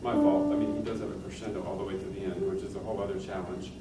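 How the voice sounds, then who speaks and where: This low-pitched man races through his words with fairly even intonation while coaching a pianist in a master class. He encourages and demonstrates at the piano as he talks, in a room with a piano captured by a distant mic that sounds roomy, with loud piano.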